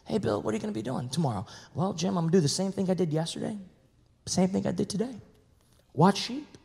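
A pastor doing a bored old-time shepherd. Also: male voice, high voice, lively intonation, fast talker, gravelly, mellow, breathy edge, voice pushed down, full character voice. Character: bored ancient shepherd man, plain-spoken. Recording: reverberant church hall.

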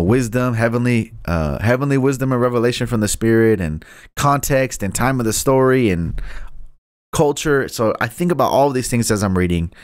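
A man's voice: lowish voice, clear, resonant tone. A man hosting a live-streamed Bible study, reading aloud alone in a room into a microphone, laid-back and chatty, stumbling over hard names and laughing at his own jokes. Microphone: studio microphone.

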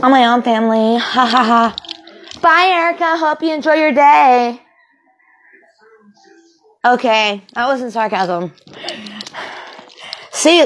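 A woman's voice: on the high side, a little hiss or hum, lightly acted, rough recording. A young woman acting a volatile young woman kicked out by her family, ranting and swearing with sarcasm in an amateur film. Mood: bitter.

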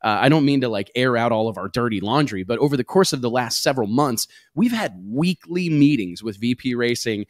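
A man hosts a casual talk show with easy, rambling energy. His voice sits at an ordinary middle pitch, recorded dry and close with no room sound. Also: lively intonation, a little fast, hardly any pauses, no echo. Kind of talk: casual podcast chat.

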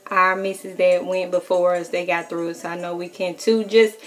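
A woman's voice: on the low side, level tone, normal speed. Chatty Southern woman, faint music behind. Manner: chatty and encouraging, frequent ums, repeats words for emphasis. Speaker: military service member vlogger. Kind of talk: casual how-to vlog chat.

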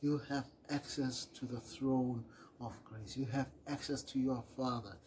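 A man's voice: mid-range voice, steady tone, measured pace, a little hiss or hum, low-quality recording. A man giving a short devotional sermon, earnest and repetitive, reading scripture and stopping to correct himself. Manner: earnest and repetitive, often trailing off quietly at phrase ends; reads scripture aloud, correcting himself with small apologies. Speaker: preacher.

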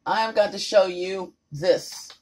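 A woman's voice: medium pitch, slow pace. A woman vlogging from her home kitchen on a phone, talking emphatically and repeating herself as she speaks straight to her viewers. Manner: emphatic, repetitive, addresses viewers directly. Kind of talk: casual phone vlog to viewers.

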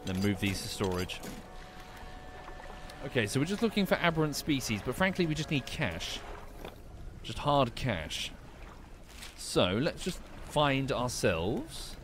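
A man's voice: medium pitch, sing-song, a little slow, pauses often, noisy background. A man streaming a game, talking casually and wryly, with the odd curse. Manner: chatty, wry, swears casually. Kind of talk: casual gameplay commentary.

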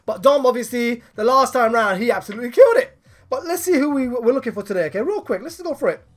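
High-voiced hyped man. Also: expressive, fast. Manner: hyped, shouts when thrilled. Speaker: gaming channel co-host. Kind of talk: excited game summoning commentary.

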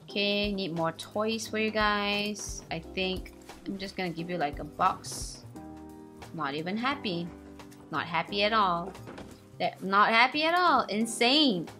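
A young woman, hosting a let's play and commenting excitedly as she plays. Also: unhurried. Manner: excitable, squealing highs and gasps. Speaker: gaming channel host. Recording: faint game music behind.

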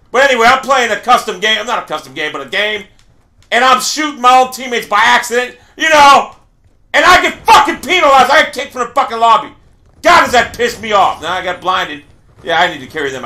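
A man playing a shooter game, ranting and swearing, and yelling now and then. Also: high voice. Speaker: gamer. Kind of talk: angry gameplay commentary.

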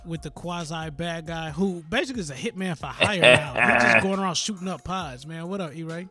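Podcast host guy, a bit high-pitched, cussing and joking around, music faint behind. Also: a little fast. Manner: loose, profane, joking banter. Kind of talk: casual chat.

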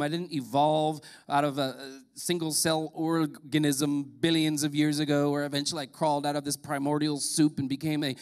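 Pastor guy preaching, kinda high voice, earnest story mode, gets emphatic. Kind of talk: sermon.

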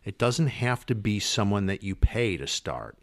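A man's voice: fairly low pitch, very animated, a little slow. A man hosting a podcast interview, chatty and prone to repeating words as he thinks. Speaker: podcast host.

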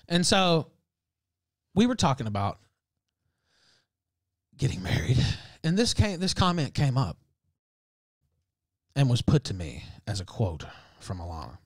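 A man's voice: medium pitch, sing-song, unhurried, long pauses, dry recording. A man hosting a livestream, ranting in heated, profane casual talk and breaking into laughs. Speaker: livestream host.

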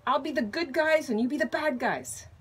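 A woman voicing an eager, cheerful little boy in a storybook, speaking brightly and insistently. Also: medium pitch, very animated, unhurried, husky.

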